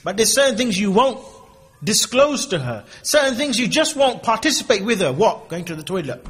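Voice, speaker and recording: Casting: male preacher, husky, conversational with humor. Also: high voice, sing-song, normal speed, a bit bright. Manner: humorous, conversational, acts out asides. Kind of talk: casual Islamic lecture.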